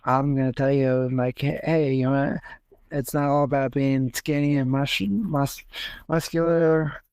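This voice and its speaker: A man's voice: medium pitch, fairly even intonation, measured pace, a little mellow, clear, resonant tone, dry recording. A young man hosting a podcast in casual chat, rambling with lots of fillers and restarts. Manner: rambling, many fillers and self-corrections. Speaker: podcast host.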